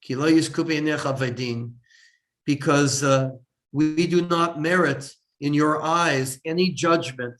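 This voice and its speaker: Middle-aged rabbi guy teaching line by line, reads hebrew then explains, kinda high voice. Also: fairly even intonation, measured pace, a bit bright. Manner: explains line by line, with many restarts and Hebrew readings. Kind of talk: informal lecture on a liturgical poem.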